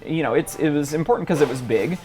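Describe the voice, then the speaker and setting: A man's voice: a little high, expressive, fast talker, a little mellow. A man in his forties, a paleontologist guest, talking in a casual interview with frequent ums and restarts. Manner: thoughtful, many ums and restarts. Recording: faint background noise.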